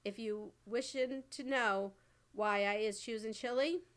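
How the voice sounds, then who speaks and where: A woman voicing a brutish, greedy male giant who booms and bullies in broken grammar, in a storybook reading. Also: measured pace, natural voice. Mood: roaring. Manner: booming, bullying, mangled grammar.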